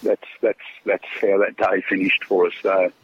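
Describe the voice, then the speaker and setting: A husky, low-voiced Australian man in middle age tells an old football story in a loose, rambling way, full of ums and restarts. The sound is dull and lo-fi, like a radio broadcast. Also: level tone, normal speed. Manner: rambling, laughs often, many fillers and restarts. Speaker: former footballer guest. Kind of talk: casual storytelling.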